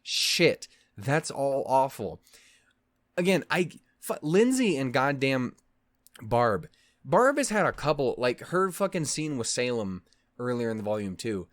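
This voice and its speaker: A man's voice: medium pitch, normal speed, no room sound, clean studio sound. Man gushing in a swearing reaction rant. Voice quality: voice actor's expressive delivery. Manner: emotional, heavy swearing, rambling restarts. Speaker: reaction video host. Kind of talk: casual reaction commentary.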